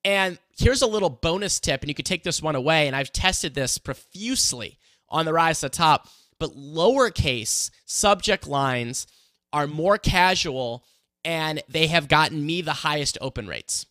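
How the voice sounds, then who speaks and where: An upbeat man in his thirties talks through a relaxed mini lesson, peppering it with "right?" and "you know". His voice sits a bit high and comes across bright and forceful. The recording is dry, with no room sound. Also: unhurried, no echo. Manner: energetic, conversational, many fillers and rhetorical questions. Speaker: host teaching online marketing. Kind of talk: casual mini lesson to an audience.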